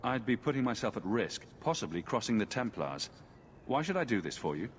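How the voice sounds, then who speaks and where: An actor playing a hero for hire who speaks directly and asks blunt questions. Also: male voice, medium pitch, big pitch swings, brisk, big-room sound, slight background noise. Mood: wary.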